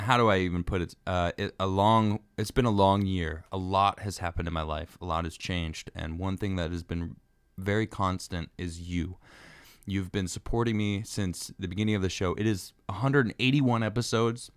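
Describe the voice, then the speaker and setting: A man hosting his own show, talking casually and earnestly to his viewers in a quick, halting way. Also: low voice, smooth, dry recording. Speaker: show host. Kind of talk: casual live-stream chat thanking viewers.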